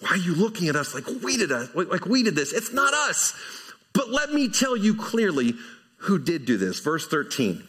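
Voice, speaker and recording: A man preaching a conversational sermon verse by verse, asking rhetorical questions and shifting between emphatic and quiet delivery. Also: high-pitched, wildly swooping pitch, normal speed, breathy edge. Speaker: pastor.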